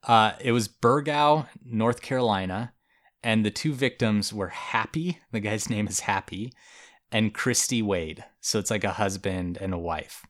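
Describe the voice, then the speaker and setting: A man's voice: fairly low pitch, a bit bright. Laid-back man telling a story. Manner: storytelling, laughs often, casual filler words. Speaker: podcast co-host. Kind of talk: casual chat.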